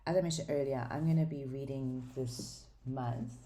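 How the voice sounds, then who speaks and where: Very low-voiced, mellow woman vlogger. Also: fairly even intonation, normal speed. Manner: chatty and rambling, with many ums and restarts; enthusiastic about books. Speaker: book vlogger. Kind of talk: casual book haul chat.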